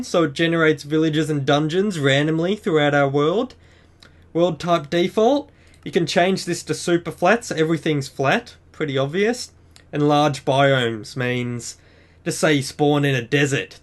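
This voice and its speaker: Chatty man guiding a game tutorial. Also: on the high side. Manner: chatty, upbeat, explains step by step. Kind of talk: screen-recorded game walkthrough.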